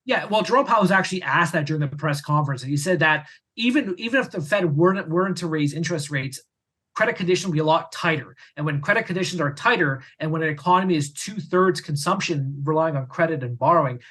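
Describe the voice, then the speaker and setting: A man's voice: a little high, animated, fairly bright tone. A man talking through economic news in a panel discussion, packing in detail as he explains. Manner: rapid, detail-packed explaining. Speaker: economics commentator.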